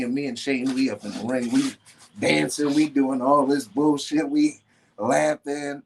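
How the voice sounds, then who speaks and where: A man, a guest, telling stories in an animated, slangy way with frequent swearing. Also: medium pitch, normal speed, a little hiss or hum. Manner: animated, slangy storyteller who swears often. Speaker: guest, professional wrestler. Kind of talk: casual storytelling.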